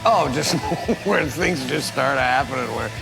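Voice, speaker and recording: A man's voice: mid-range voice, lively intonation, measured pace, vocal fry, over music. A man in a documentary interview telling band tour stories, laughing as he acts out the dialogue. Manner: laughing storyteller acting out dialogue.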